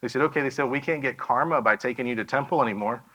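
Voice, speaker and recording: A man's voice: mid-range voice, rapid-fire, fairly bright tone, poor audio. A man giving a missionary presentation in a church, telling a story and acting out the dialogue of the people in it.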